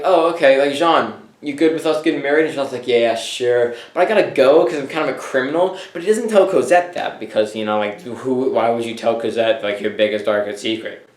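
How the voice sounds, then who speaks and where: A man with an ordinary mid-range voice tells a story in a loose, joking way, packed with fillers and quick throwaway impressions of characters. The sound bounces around a roomy, echoey space. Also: medium pitch. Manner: rambling, filler-heavy, slips into offhand character voices. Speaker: vlog host reviewing a musical. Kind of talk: casual humorous plot recap. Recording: echoey room.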